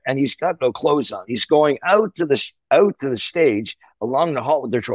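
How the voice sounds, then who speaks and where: Older male musician guest, animated storyteller, average pitch, dry sound. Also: fairly quick, few pauses, slightly rough, dry recording. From Canada. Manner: animated, swears, acts out voices. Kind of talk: anecdote-telling interview.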